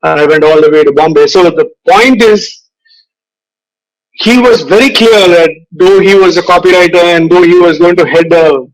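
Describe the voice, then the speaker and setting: Brief: older male speaker, slightly high voice, unhurried anecdotes, lecture tone. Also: low-quality recording. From India. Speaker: guest speaker, advertising veteran. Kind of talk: motivational speech with anecdotes. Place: virtual event recording.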